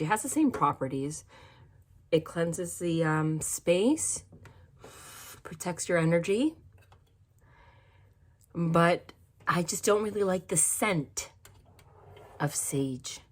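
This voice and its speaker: Woman doing a chatty spiritual talk to camera, voice a bit on the low side, keeps saying okay. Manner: chatty, repeats "okay?", frequent small slips and self-corrections. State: cold, shivering. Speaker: tarot reader and medium.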